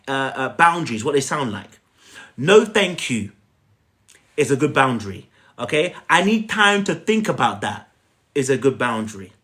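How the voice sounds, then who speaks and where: A man with a slightly high, fairly bright voice, a relationship coach, gives an emphatic, repetitive coaching talk on a live stream. He speaks directly to viewers and asks them to repeat after him.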